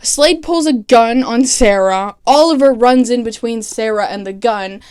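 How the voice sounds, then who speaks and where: A woman recapping a TV series in casual chat, animated and sarcastic, swearing freely and mimicking characters in quick asides. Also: fairly high pitch, clean tone. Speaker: TV recap vlogger.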